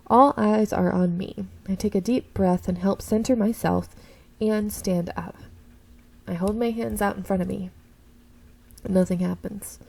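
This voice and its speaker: Gravelly woman reading a story game. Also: mid-range voice, low-quality recording. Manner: expressive first-person reading, slips and corrects herself. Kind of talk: reading a visual novel aloud with asides.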